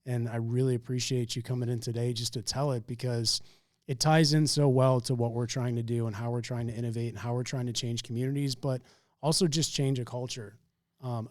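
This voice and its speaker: A man's voice: mid-range voice, no echo, studio quality. A man hosting a podcast, speaking in an earnest, effusive way. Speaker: podcast host. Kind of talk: conversational interview.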